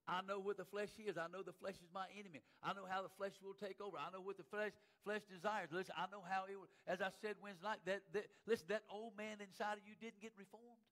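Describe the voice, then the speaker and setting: A man preaching a sermon as pastor. He repeats phrases for emphasis and swings between loud cries and hushed low lines. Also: flat delivery, fast talker, few pauses, rough recording. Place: church sanctuary.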